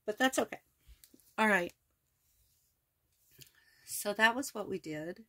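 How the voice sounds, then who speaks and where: A woman host walking through her collage journal in a casual, rambling way, hoarse with her voice cracking, full of ums and self-corrections. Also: medium pitch, lively intonation, takes it slowly, bright, forceful tone, no room sound. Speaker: crafting video host. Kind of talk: casual crafting walkthrough.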